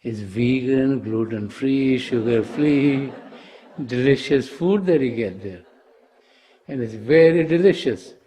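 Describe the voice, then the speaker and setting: A man's voice: mid-range voice, slow pace, dark tone, natural voice. A man voicing an eager, earnest disciple who tries to persuade a pig within a spiritual parable.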